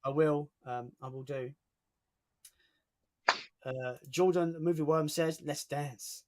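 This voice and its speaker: A man's voice: a little high, fairly even intonation, slow, a little mellow. Chatty man hosting a livestream. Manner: chatty, reads out viewer comments. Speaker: livestream host. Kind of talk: casual chat.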